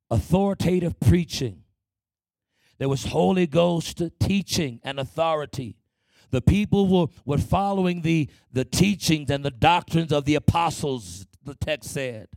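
Gravelly impassioned male preacher. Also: a little high, a little mellow, no echo. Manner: impassioned, acts out prayers and quotes in shifting voices. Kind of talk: sermon.

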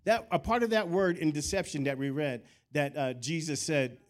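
A man's voice: on the high side, normal speed. A man preaching a sermon, calling out for amens and telling chatty stories between his points. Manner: animated preaching with call-and-response; conversational storytelling asides. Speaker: pastor.

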